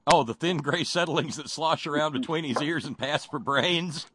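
A man's voice: fairly high pitch, normal speed, pushed and bright, slightly rough, no echo. A man hosting a casual talk show, joking and teasing his co-hosts in easygoing banter. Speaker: show host.

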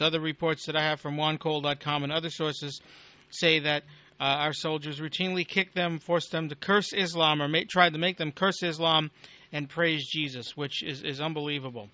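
A man hosting a talk radio show, delivering a blunt, sardonic political rant with casual swearing. His voice is bright and sits a bit high for a man. The recording is dry and close but dull and lo-fi. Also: steady tone, moderate pace, no echo.

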